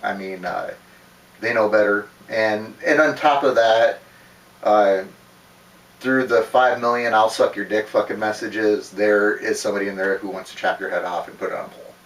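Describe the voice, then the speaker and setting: A man tells a personal story in a loose, rambling way, swearing often and laughing between words. His voice is fairly low but fairly bright, at a moderate pace, and the recording is roomy and distant from the mic.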